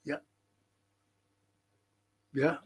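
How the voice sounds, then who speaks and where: A man's voice: very slow, a little hiss or hum. A man hosting a fan live stream. He reads out viewer comments and answers them in a blunt, exasperated way, swearing often. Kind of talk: casual chat reading viewer comments.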